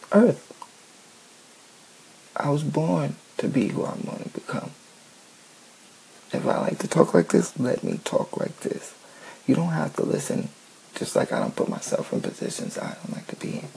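A man's voice: mid-range voice, vocal fry, mellow, breathy edge, poor audio. A man ranting casually, blunt and profane, often asking "you know what I'm saying".

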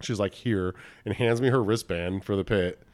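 A man's voice: lowish voice, brisk. A man telling a long story on a podcast in a casual, laid-back way, full of slang. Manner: laid-back, crude slang, peppers speech with "bro" and "dude". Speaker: podcast guest.

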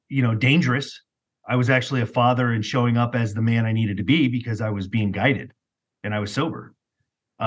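Husky man telling a story, lo-fi. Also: medium pitch. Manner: animated, rambling, heavy use of "like". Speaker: podcast guest. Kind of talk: personal storytelling in an interview. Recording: muffled lo-fi recording.

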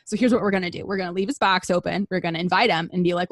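A woman's voice: lowish voice, steady tone, racing, dry recording. Crude, rambling woman comedy host. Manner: crude, rambling, lots of fillers. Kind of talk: comedic plot recap.

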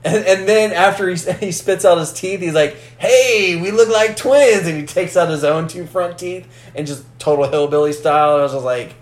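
A man in casual film discussion, animated, acting out movie lines as he retells scenes. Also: on the high side, fairly quick, few pauses, reverberant. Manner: animated, acts out movie lines in character voices.

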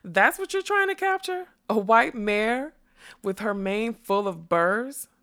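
A woman's voice: moderate pace, natural voice. A woman voicing a proud, ageless female unicorn in a storybook reading, haughty and rising sharply when offended. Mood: indignant. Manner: haughty, jumps high when indignant.

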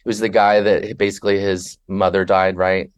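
A man's voice: deep voice, normal speed. A man talking as a podcast guest, animatedly telling stories and acting out the people in them. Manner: animated storyteller who acts out passengers and himself. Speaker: podcast guest, flight attendant. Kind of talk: conversational podcast interview.

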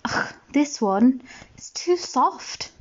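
A woman voicing a fussy, curious little girl in a storybook, talking slowly in a slightly raised voice. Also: high-pitched, lively intonation, muffled recording, voice pushed up, heavily acted.

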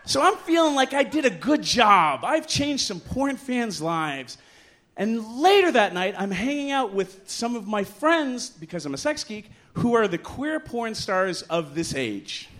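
Animated man telling a bawdy story on stage. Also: unhurried. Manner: animated, self-mocking, acts out quotes with loud jumps in pitch. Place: bar stage before a live audience.

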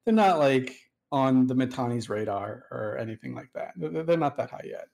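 A man's voice: medium pitch, expressive, moderate pace, gravelly, darkish tone. A man hosting a casual chat, telling a long story in a chatty, digressive way. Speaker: host.

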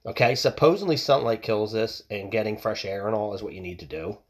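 Fairly low in pitch and fairly quick, this podcast host delivers a fired-up opinion rant from home. He's blunt and profane, restarting many times, and outside noise leaks into his home microphone.

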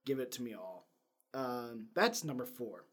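A man's voice: mid-range voice, animated, unhurried, fairly bright tone, husky. A man co-hosting a podcast in casual chat, rambling and laughing at himself. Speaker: podcast co-host.

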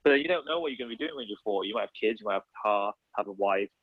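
Illustrator, 30s, husky voice; rambling conversational podcast guest, dry close sound. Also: male voice, fairly low pitch, animated, racing, no room sound, phone-quality sound. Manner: rambling, lots of fillers and self-corrections.

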